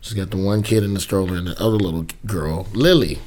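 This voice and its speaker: Man, fairly low voice, casual chat, animated profane storytelling. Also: quick pace. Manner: mimics people in voices while telling stories.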